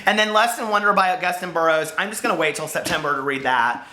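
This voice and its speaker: A man's voice: on the high side, quick pace, roomy sound, noisy background. A man chatting casually to camera as a book vlogger, rambling and jumping between topics.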